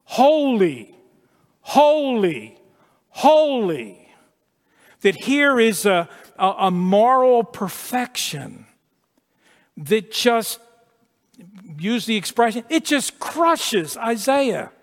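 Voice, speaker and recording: A man preaching a sermon with emphasis, repeating words and dropping to a hush at key points. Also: high voice, big pitch swings, slow. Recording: long echo of a large hall.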